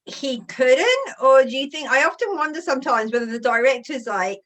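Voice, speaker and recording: A woman hosting a casual interview over a video call, bubbly and quick to laugh. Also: a little high, a bit bright. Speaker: interview host.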